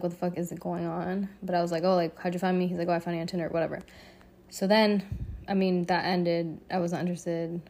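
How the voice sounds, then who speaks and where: A woman hosting her own podcast, telling a story in a casual, profane and animated way with frequent laughter. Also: lowish voice. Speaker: podcast host.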